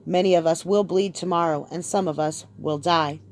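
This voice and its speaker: A woman's voice: fairly low pitch, fairly even intonation, normal speed, darkish tone, close to an everyday voice. A woman narrator voicing a resolute young king giving a rousing speech to his people. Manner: rousing, speech-making delivery.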